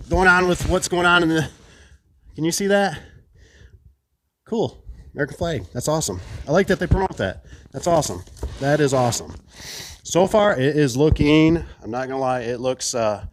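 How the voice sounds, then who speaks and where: A man's voice: mid-range voice, animated, moderate pace, pauses often, slight background noise. A man who installs garage doors, chatting casually to viewers while unboxing an opener, enthusiastic and prone to rambling asides.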